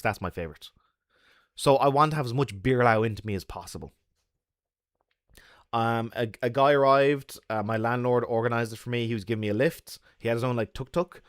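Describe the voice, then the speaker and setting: A young man who makes videos, chatting on a livestream and telling stories in an animated way, laughing often and swearing. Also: medium pitch, clear, resonant tone, no room sound, clean studio sound. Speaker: YouTuber. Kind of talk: casual livestream chat and storytelling.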